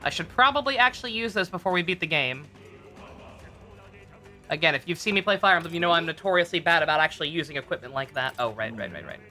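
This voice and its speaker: Casual game streamer, mid-pitched and bright, rambling commentary with swearing and laughter. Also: animated, fast, soft background music. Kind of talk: casual let's play commentary.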